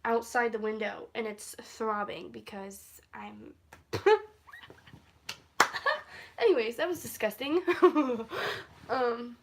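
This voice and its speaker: A young woman with a somewhat high voice chats through a storytime vlog into her phone at home. She rambles, drifts off topic and laughs often as she talks. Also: takes it slowly, vocal fry, long pauses, a little hiss or hum. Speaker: vlogger. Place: at home, indoors.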